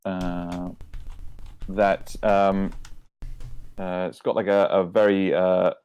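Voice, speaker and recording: A man running a tabletop game as game master, halting, with many fillers. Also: deep voice, flat delivery, a little mellow, clean tone.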